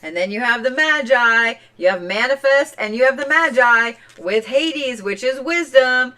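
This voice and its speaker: A woman from Oklahoma with a slight Oklahoma accent, giving a chatty, playful zodiac reading on a live stream, swinging between loud and soft. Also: on the high side, normal speed, hardly any pauses. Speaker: tarot and zodiac reader. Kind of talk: casual livestream reading.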